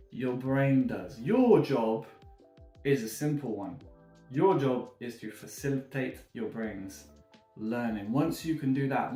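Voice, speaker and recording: A British man coaching language learners to camera in a relaxed, encouraging way, often chuckling as he talks. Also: mid-range voice. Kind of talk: motivational talk to camera. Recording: echoey room with faint music.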